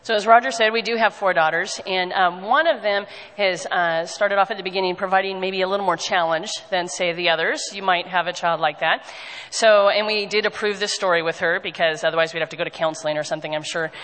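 Lively woman telling a story in a hall. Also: lowish voice, fairly quick. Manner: animated, laughing storyteller. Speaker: pastor's wife sharing a story. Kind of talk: storytelling to a congregation.

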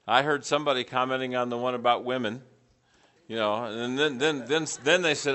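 A man's voice: medium pitch, normal speed, pushed and bright. A middle-aged man teaching a preaching class, putting questions to the group and repeating back their answers.

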